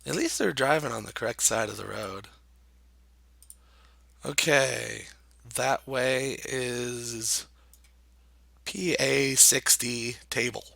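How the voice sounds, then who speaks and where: A man casually commenting while playing a geography guessing game, thinking out loud with many hesitations and self-deprecating remarks. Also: mid-range voice, slow pace, gravelly, long pauses, no room sound. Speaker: gameplay commentator. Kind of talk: casual let's-play commentary.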